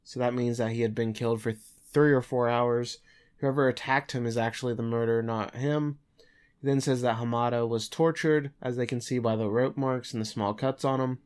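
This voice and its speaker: A man's voice: medium pitch, steady tone, brisk, darkish tone, clear, resonant tone. A man co-hosting a podcast, giving a loose, chatty recap of an episode over a remote call. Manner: chatty, loose, with filler words. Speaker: podcast co-host. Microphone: remote call mic.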